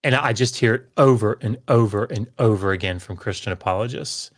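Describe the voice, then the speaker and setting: A man's voice: fairly low pitch, brisk. A man co-hosting a podcast, venting his frustration in an emphatic, exasperated way, with sighs and repeated words. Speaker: podcast co-host. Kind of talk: heated casual discussion.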